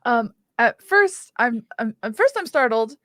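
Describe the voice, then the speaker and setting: Woman player, casual and hesitant, a bit high, dry recording. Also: sing-song, a little slow, sharp tone, dry recording. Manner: hesitant, chatty. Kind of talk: casual tabletop play.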